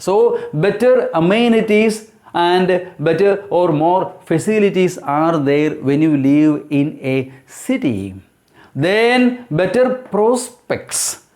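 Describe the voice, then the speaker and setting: A man with a noticeably high voice talks through an exam-prep lesson as an English teacher. He explains deliberately and often stops with fillers and self-corrections as he looks for words. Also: darkish tone.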